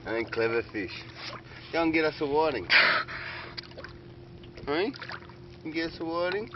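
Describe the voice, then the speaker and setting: Slow coaxing Australian man outdoors. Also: fairly high pitch, animated. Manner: coaxing, sing-song calls with frequent chuckles. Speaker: vlogger feeding a dolphin. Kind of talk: casual talk to an animal. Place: outdoors on a small boat on the water. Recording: dull lo-fi outdoor recording with boat and water noise.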